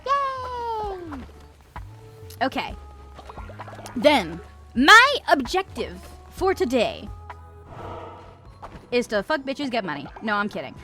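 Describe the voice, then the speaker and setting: A woman's voice: a little high, sing-song, slow pace, pauses often, music in the background. A woman in her twenties streaming a game, chatting casually and swearing with her viewers. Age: 20s. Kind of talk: casual gaming stream chat.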